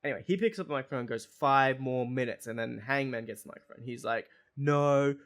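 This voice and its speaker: A man with a mid-pitched voice co-hosts a loose podcast chat. He rambles and restarts his sentences and swears casually. He acts out what other people said as he recounts it. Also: animated, very fast. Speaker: podcast co-host.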